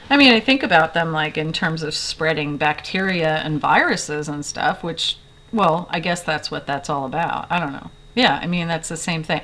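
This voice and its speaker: A woman tells a story straight to a handheld camera from her bedroom, her voice sitting a bit low. She rambles along with plenty of fillers and keeps correcting herself mid-sentence. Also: fairly bright tone. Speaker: video blogger. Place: bedroom in an old house.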